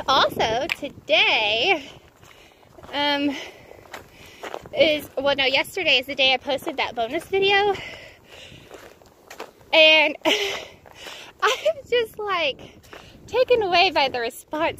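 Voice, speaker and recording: A woman's voice: high-pitched, lively intonation, slow, pauses often, bright, forceful tone. A young woman vlogging as she hikes a snowy mountain trail, gushing and laughing as she talks to her viewers. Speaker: thru-hiker vlogger. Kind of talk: casual trail vlog. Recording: wind and outdoor noise. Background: wind noise.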